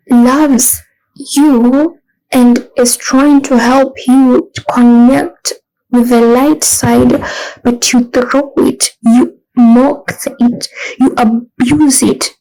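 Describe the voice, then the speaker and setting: In a low-quality recording, a woman with a high, warm voice gives a passionate spiritual monologue full of emotion. At moments she breaks into tears, and she turns mocking when she acts out her harsh inner self-talk.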